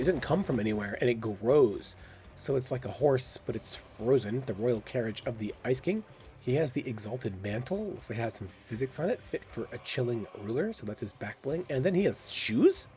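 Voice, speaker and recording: A man's voice: medium pitch, a little mellow. A man hosting a gaming channel, giving casual, curious commentary and thinking aloud with exclamations. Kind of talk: casual game commentary voice-over.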